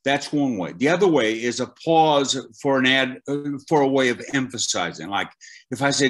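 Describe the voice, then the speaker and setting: Older man, animated, frequent restarts, mid-range pitch, interview guest. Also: normal speed. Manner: animated storyteller, many restarts. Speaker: guest voice acting teacher. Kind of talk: conversational interview.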